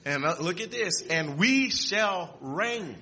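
A man preaching a sermon, reading scripture aloud with restarts and repeats, and rising to shouts and exclamations. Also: high-pitched, lively intonation, slow.

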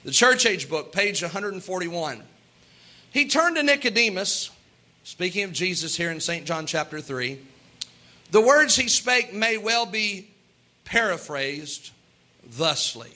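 A man preaching a sermon as pastor, earnest, with quick asides and little laughs. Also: high-pitched, big pitch swings, sharp tone.

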